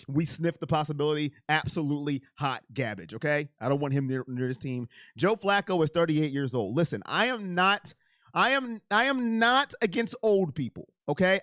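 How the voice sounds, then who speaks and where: A man hosting a casual live stream. He chats with viewers by name and talks in an emotional, animated way. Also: on the high side, dry recording, clean studio sound. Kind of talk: casual live chat about football.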